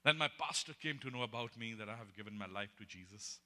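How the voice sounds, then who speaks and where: A man from India preaches a personal testimony with animated storytelling. His voice sits low but sounds bright and forceful. A long hall reverb trails each phrase. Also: quick pace. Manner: animated storytelling, laughs often. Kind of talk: sermon testimony.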